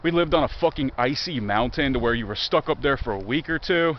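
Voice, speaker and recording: A man's voice: medium pitch, animated, a little fast, highs cut off, a little hiss or hum. A young man with a Virginia country accent rambles, swearing and sarcastic, as he walks outdoors. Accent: Southern American, Virginia. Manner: profane, joking and sarcastic. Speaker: vlogger. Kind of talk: rambling walk-and-talk monologue. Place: outdoors in woods near a highway.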